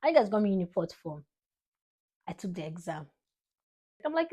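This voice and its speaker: A woman's voice: on the low side, moderate pace, husky. Emotional young Nigerian woman. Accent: Nigerian English. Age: young adult. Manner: emotional, rambling, animated spikes of excitement. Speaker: vlogger. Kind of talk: heartfelt tribute to her father.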